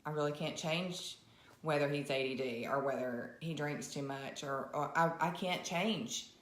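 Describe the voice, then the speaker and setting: A woman with a Southern US accent talking candidly and reflectively as a podcast co-host, often pausing and restarting. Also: low voice, reverberant. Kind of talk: casual conversation.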